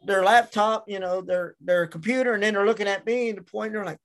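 A man's voice: sits high, fairly even intonation, fast. A middle-aged man, a guest on an interview, telling casual anecdotes and acting out other people's lines. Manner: acts out the voices of people in his stories. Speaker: interview guest, wrestler and manager.

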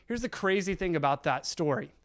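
A man with a higher, smooth and clear voice tells a story to an audience. He acts out each exchange of dialogue with quick shifts of voice. The delivery is animated and theatrical. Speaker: guest speaker. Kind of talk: storytelling talk.

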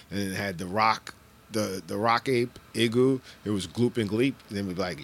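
A middle-aged man hosting a podcast, rambling in casual chat, laughing and swearing, with bursts of shouted impressions. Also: fairly low pitch, moderate pace. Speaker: podcast host.

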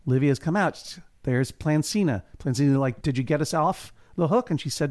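A man's voice: a little high, normal speed, hardly any pauses, a little mellow. A man co-hosts a comedy podcast that recaps a television drama. He talks in a wry, playful way. Now and then he jumps briefly into character voices for the scenes he retells. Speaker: podcast co-host.

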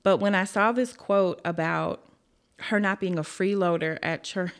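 A woman's voice: mid-range voice, measured pace. A woman hosting a casual true crime podcast, telling the case bluntly with frank, profane asides.

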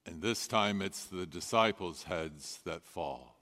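A man delivers a sermon at an unhurried, deliberate pace, letting pauses hang between phrases. His voice is bright and forceful, and it rings out with a long reverb in a large sanctuary. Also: deep voice. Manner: measured storytelling with dramatic pauses. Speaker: pastor.

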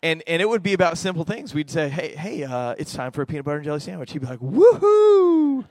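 A middle-aged man preaching a lively sermon as pastor, swinging between quiet, intimate stretches and loud, excited ones. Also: a little high, very fast, no echo.

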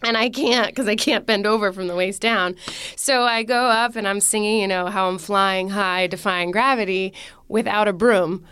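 A woman's voice: mid-range voice, normal speed, fairly bright tone, smooth, no echo. A young woman, a stage actress, telling a story in a casual interview, acting out her own panic in quoted lines.

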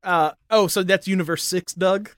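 Brief: young male co-host, slightly high voice, close dry mic, profane animated rants. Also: moderate pace, no echo. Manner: animated ranting, heavy swearing, laughs often. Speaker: podcast co-host. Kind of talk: casual profane chat.

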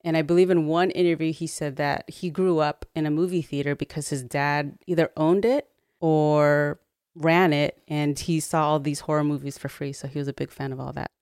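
A woman co-hosting a podcast, relaxed as she tells the history with many fillers. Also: low voice, moderate pace, clear, resonant tone, no room sound, clean studio sound. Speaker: podcast co-host. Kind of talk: casual chat.

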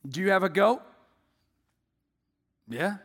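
Preacher doing a calm wise rabbi, kinda high voice, echoey. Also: male voice, takes it slowly, exaggerated voice. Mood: instructive.

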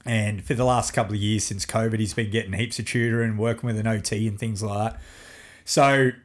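A middle-aged man, chatting casually as a podcast guest and telling animated family stories with plenty of swearing. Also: on the low side, brisk. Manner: animated storyteller, swears freely, acts out family dialogue. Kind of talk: casual chat.

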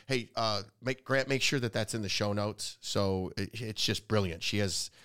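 A man hosting an interview podcast in a casual, chatty way, effusive and quick to praise his guest. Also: fairly low pitch, a bit bright, smooth. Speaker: podcast host.

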